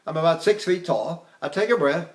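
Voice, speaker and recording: A man's voice: fairly high pitch, brisk. An older man giving a voice lesson in a rambling, conversational way, now and then singing short operatic phrases. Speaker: voice teacher. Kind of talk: recorded vocal lecture with sung demonstrations.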